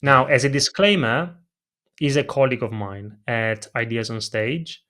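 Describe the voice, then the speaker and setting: This man speaks English with a non-native accent, in a medium pitch at a measured pace. A presentation coach appearing as a podcast guest, he answers interview questions over a video call. He's animated and acts out vocal emphasis while explaining it.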